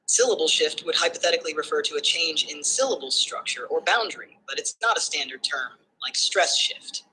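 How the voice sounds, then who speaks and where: A bright, crisp synthetic voice explains concepts in tidy numbered points with an even, smooth delivery. Faint background noise sits under it. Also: medium pitch, a little fast, rough recording. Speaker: AI assistant answering questions. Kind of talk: structured explanatory answers.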